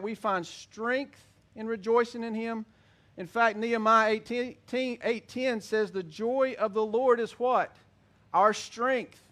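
A man preaching a sermon as a pastor, earnest, reading scripture slowly and with emphasis. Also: high-pitched, a bit bright.

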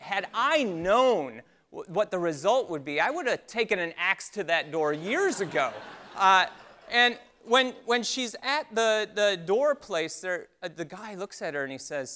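A man preaching with a bright, clear, resonant voice, a little higher than most men. He tells stories with lively energy, then eases into slow, quiet reflection. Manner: storytelling, animated, then slow and hushed for reflection. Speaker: pastor. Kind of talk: sermon.

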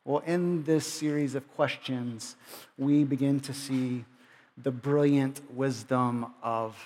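A man preaching a sermon as pastor, explaining a passage conversationally, with frequent restarts. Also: a little high. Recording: long reverb of a large hall.

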